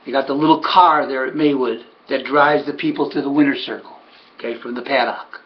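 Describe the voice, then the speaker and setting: Animated male storyteller, lo-fi recording. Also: medium pitch, fairly quick. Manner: animated, emphatic, repeats for effect. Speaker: harness horse trainer. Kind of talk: casual spoken storytelling. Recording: dull lo-fi recording.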